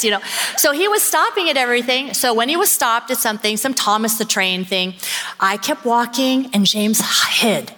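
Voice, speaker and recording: A woman podcast host delivering a sermon-style message as an animated storyteller who acts out voices. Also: fairly high pitch, moderate pace, faint music behind.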